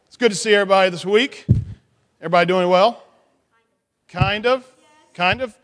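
Man, high voice, children's pastor, playful, animated, teasing, echoing hall. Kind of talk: children's church talk.

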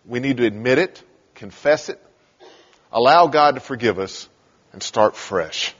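Preacher in an echoing hall, lively pitch. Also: male voice, measured pace. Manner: storytelling, acting out scripture scenes. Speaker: pastor. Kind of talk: sermon. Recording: dull sound in a large reverberant hall.

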